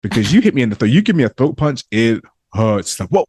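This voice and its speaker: A man's voice: medium pitch, sing-song, a little fast, darkish tone, breathy edge, dry recording, studio quality. A man co-hosting a podcast, reflecting enthusiastically and laying his points out as a list. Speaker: podcast co-host and coach. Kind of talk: casual podcast conversation.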